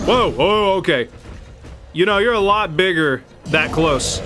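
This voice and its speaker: A man giving chatty, excitable let's play commentary, yelping and laughing while he talks to the enemy on screen. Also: high voice, measured pace, long pauses, background noise. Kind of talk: live gameplay commentary.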